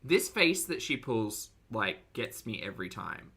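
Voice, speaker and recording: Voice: mid-range voice, sing-song, measured pace, vocal fry, pushed and bright, slightly rough. A streamer giving blunt, sarcastic live commentary to chat and swearing freely. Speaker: streamer reacting to videos.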